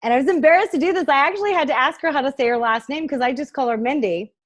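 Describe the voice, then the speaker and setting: A woman co-hosting a casual talk show, playful and quick to laugh as she introduces guests over a video call. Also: high-pitched. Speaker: co-host.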